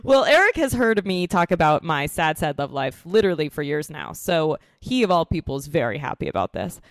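A woman's voice: low voice, a little fast, dry recording, studio quality. A young woman hosting a podcast, chatting casually from her living room and laughing often as she tells stories. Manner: animated storyteller, laughs often. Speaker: true crime podcast host. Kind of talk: casual chat. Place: apartment living room at home.

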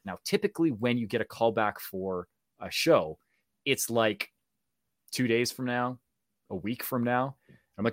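A man with a Canadian accent, a guest telling stories in casual talk, animated and acting out voices as he goes. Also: mid-range voice, normal speed, no room sound, studio quality. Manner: animated, acts out voices in anecdotes. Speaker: guest, actor and speaking coach. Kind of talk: casual storytelling.

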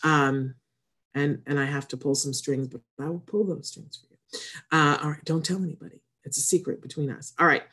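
A woman's voice: deep voice, steady tone, a little fast, breathy edge. A woman hosting an autism community show, talking to viewers in a casual, rambling way, often breaking off her sentences and then bursting out with emphasis. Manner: rambling and warm-hearted, with frequent self-interruptions. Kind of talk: casual chatty monologue to viewers.

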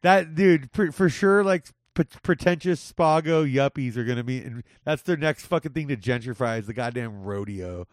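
A man's voice: medium pitch, animated, normal speed, hardly any pauses, dry recording, clean studio sound. A young man hosting a podcast in casual chat, joking and rambling with lots of swearing. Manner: profane, jokey, rambling. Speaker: podcast host.

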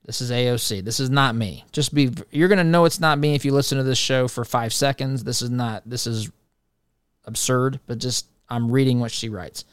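A man's voice: mid-range voice, normal speed, smooth, dry recording, clean studio sound. A man hosting a talk show, giving opinionated political commentary in a conversational way and addressing listeners as his friends.

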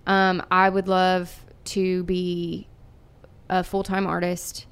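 A woman's voice: on the low side, completely flat delivery, slow, clear, resonant tone. A woman from Erie, Pennsylvania, a singer-songwriter guest talking casually in a podcast interview, chatty and earnest with lots of fillers.

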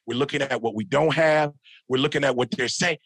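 A man's voice: mid-range voice, fairly quick, a bit bright, no echo. A middle-aged man, a motivational speaker on a podcast, telling stories in an emphatic, preacher-like way, repeating phrases for punch. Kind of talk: animated storytelling in a podcast interview.

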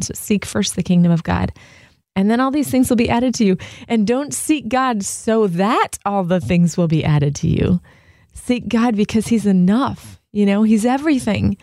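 A woman's voice: mid-range voice, dark tone, no room sound, clean studio sound. Earnest woman in devotional chat. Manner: earnest, heartfelt, many "like" fillers. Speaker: co-host.

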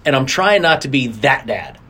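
A middle-aged man, a racing driver guest, telling stories in a casual interview, animated and acting out quotes with big jumps in his voice. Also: mid-range voice, normal speed, breathy edge.

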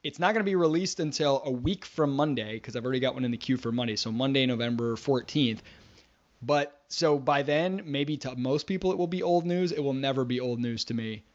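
A man's voice: medium pitch, a little fast. A man co-hosting a casual podcast chat, telling stories and slipping into mocking voices. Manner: animated storyteller, puts on mocking voices. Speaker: podcast co-host. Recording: dull lo-fi sound.

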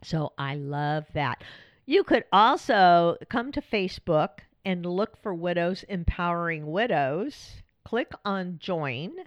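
A woman's voice: fairly low pitch, no room sound, lo-fi sound. A woman hosting a podcast as a coach, talking in a chatty, friendly way and laughing often. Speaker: podcast host and widow coach. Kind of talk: casual podcast monologue.

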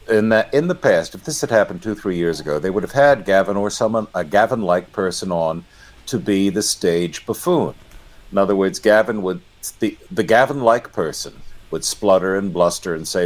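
Animated, sardonic man with a low voice. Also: moderate pace. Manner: animated, sardonic, self-correcting. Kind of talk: opinionated discussion.

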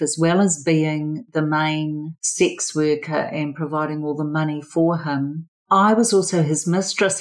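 Low-voiced older New woman. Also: low-quality recording. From New Zealand. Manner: measured, earnest recounting. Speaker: former therapist sharing her story. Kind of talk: personal testimony.

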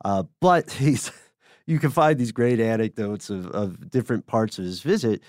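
A man co-hosting a podcast, explaining history in a measured, casual way with frequent chuckles. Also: on the low side, lively intonation, a little mellow, no echo, clean studio sound. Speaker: podcast co-host.

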